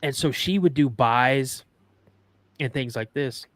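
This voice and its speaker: A man's voice: mid-range voice, slow pace, fairly bright tone, dry recording. A middle-aged man hosting a live podcast, chatting casually and telling rambling stories. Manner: rambling storyteller, acts out quotes. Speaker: podcast host.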